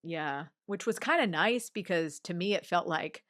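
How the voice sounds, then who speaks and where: As a guest on an interview show, a woman in her forties animatedly relates a personal story in a conversational way, acting out what others said. Her voice is on the low side at a normal speed with hardly any pauses, in a dry, studio-quality recording.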